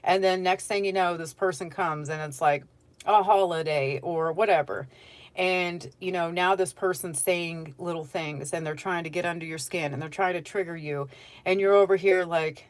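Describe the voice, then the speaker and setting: Chatty woman tarot reader, low voice. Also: steady tone, normal speed. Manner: chatty, keeps checking in with "okay?"; direct advice to the viewer. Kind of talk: casual tarot reading.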